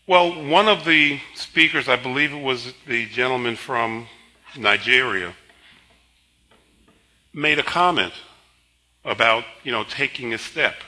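Tired older pastor preaching, bright voice. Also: male voice, mid-range voice, low-quality recording. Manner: leads congregation in slow emphatic spoken confession; conversational storytelling between scripture. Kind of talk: sermon.

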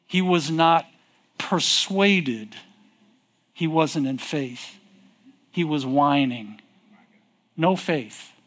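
A man preaching a sermon, reading scripture in King James wording and asking his congregation questions, with slow, drawn-out emphasis. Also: fairly high pitch, fairly bright tone. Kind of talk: sermon with call and response.

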